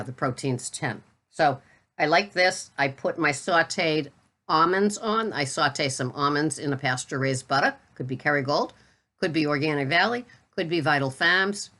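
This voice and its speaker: A middle-aged woman with a Boston accent talks casually to her viewers about groceries. Her voice sits low. She is chatty and blunt, with a teasing edge. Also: bright, forceful tone. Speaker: keto vlogger. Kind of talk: casual product talk to camera.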